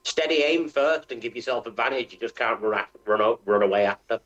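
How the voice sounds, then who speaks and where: A man's voice: medium pitch, a little fast, a bit bright, lo-fi sound. A man playing a tabletop game, wry and laughing often. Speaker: player.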